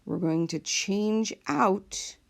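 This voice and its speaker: A woman's voice: medium pitch, drawn-out words, gravelly. A woman teacher explaining a lesson patiently, step by step, in a recorded classroom video. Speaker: Spanish teacher.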